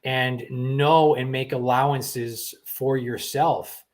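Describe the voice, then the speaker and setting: A man's voice: medium pitch, fairly even intonation, slow pace. A middle-aged man hosting a talk show, speaking earnestly and often repeating words as he starts a thought. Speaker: host. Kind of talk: conversational talk show chat.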